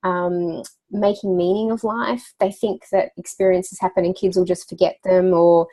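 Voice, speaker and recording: A woman's voice: on the low side, flat delivery, moderate pace, dark tone. A woman guest in a casual interview, talking as a children's wellbeing coach with a chatty storyteller's manner, laughing now and then and using lots of fillers. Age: adult parent.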